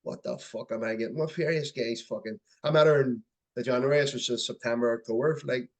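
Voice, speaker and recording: Quick-talking man in his thirties hosting. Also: medium pitch, steady tone. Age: 30s. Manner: chatty, encouraging, swears casually. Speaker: podcast host. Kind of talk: casual conversation.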